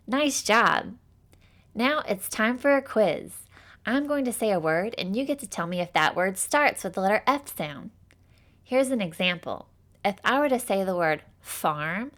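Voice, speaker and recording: A woman teaching a children's phonics lesson in a slow, scripted way. She is upbeat and encouraging, praises often, and sounds out letters with careful, exaggerated enunciation. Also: mid-range voice, expressive, a bit bright.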